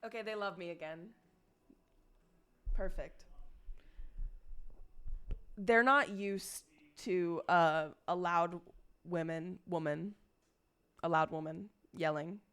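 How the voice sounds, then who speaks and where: A woman's voice: lowish voice, steady tone, slow pace, long pauses, fairly bright tone, smooth. Chatty young woman streaming casually. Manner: rambling, swears freely, talks to chat and her pets.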